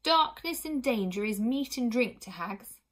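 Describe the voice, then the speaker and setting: A woman's voice: on the high side, animated, a little slow. A woman reading aloud and voicing a small, determined young girl who is a hag, grim and earnest. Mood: huffy.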